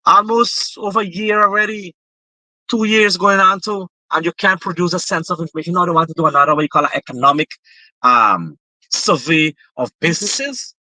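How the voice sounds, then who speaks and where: A man's voice: high-pitched, a little fast, sharp tone, dry recording, low-quality recording. A Guyanese man talking politics with passion, often restarting his sentences. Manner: impassioned, repetitive restarts. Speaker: political guest. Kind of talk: political discussion.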